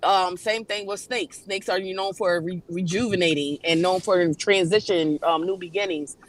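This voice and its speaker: A woman's voice: lowish voice, steady tone, moderate pace. A woman, a panel guest in a casual livestream chat, talks in an emphatic, preachy and blunt way with some swearing. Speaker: guest on a spiritual talk panel.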